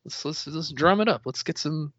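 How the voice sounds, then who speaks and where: A man from Texas co-hosting a podcast in casual chat, animated, playful and jokey. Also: a little high, normal speed, no room sound. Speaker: podcast co-host. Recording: dry, muffled lo-fi audio.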